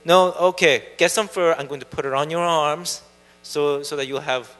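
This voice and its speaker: A man voicing a scheming mother who gives brisk, bossy orders. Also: fairly high pitch, a bit bright, big-room sound, voice pushed down, lightly acted. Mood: commanding.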